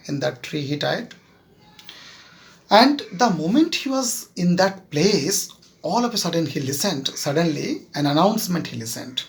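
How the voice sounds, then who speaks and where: A man with an Indian English accent, a teacher slowly retelling a moral story to his students and often checking with them. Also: on the high side. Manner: keeps checking with "Clear?"; slow, halting retelling with fillers. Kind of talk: classroom storytelling lesson.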